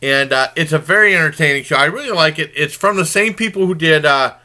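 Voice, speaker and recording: A man with a strikingly bright, forceful voice, pitched a little above the usual, talks through a TV comedy in a casual review. He retells the story loosely and conversationally. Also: fast. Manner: rambling plot retelling; informal and conversational. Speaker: TV show reviewer.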